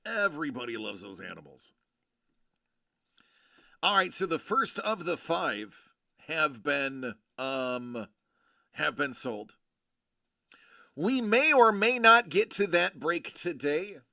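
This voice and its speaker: A man hosting a casual livestream, joking and teasing his viewers with quick asides. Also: a little high, expressive, gravelly, pushed and bright, no room sound, studio quality. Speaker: livestream host, collector.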